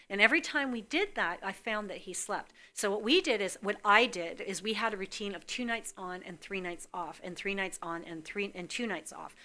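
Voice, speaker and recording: A woman's voice: mid-range voice, bright, forceful tone. A woman hosting a psychic call-in show, talking casually to viewers and acting out dialogue as she tells a family story.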